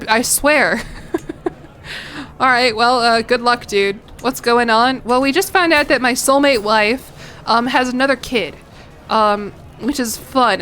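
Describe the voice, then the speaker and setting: A woman's voice: a little high, fairly bright tone. A woman streaming a strategy game, chatting casually, reacting, laughing and swearing as she plays. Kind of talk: casual gameplay commentary.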